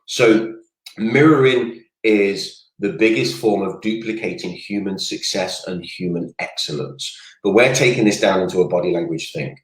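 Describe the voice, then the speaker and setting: A man's voice: lowish voice, normal speed. A man coaching viewers on a casual livestream, talking energetically and drifting off on tangents. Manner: energetic, rambling, goes off on tangents. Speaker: network marketing coach. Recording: roomy echoey room sound.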